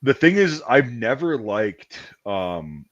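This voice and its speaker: A man's voice: mid-range voice, sing-song, slow pace, highs cut off. A man in his thirties hosting a casual chat, telling stories with a rambling, profane manner. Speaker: podcast host.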